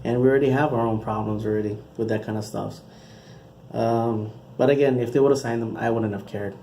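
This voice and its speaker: A man's voice: medium pitch, steady tone, a little fast, gravelly, warm tone, slight background noise. A man hosting his own channel, talking through his football predictions in a casual, rambling way with frequent restarts. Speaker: channel host giving football picks.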